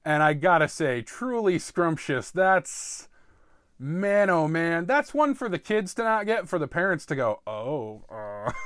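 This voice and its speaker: A man hosting a comedy podcast, riffing through an improvised monologue with frequent ums, jumping between loud asides and low mutters. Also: lively intonation, unhurried, no room sound, clean studio sound. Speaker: podcast host.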